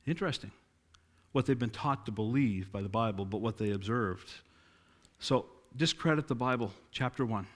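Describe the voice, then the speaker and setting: A man's voice: mid-range voice, normal speed. A middle-aged man preaching a sermon, telling stories and acting out quoted dialogue with emphasis.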